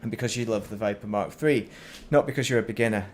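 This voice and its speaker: A man's voice: lowish voice, fast talker, a little hiss or hum. A man casually commentating while he plays a space game, rambling and breaking off mid-sentence. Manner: rambling, self-interrupting, chatty. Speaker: game streamer.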